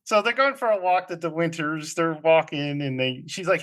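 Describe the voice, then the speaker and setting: A man co-hosting a casual podcast, recapping a film and quoting characters in quick put-on voices, laughing often. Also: on the high side, a bit bright. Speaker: podcast co-host.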